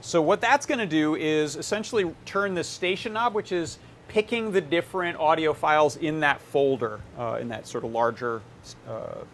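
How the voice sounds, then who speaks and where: A man hosting a live electronics workshop, explaining his setup in a relaxed, casual way with plenty of filler words as he tinkers. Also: on the high side, normal speed, a little hiss or hum.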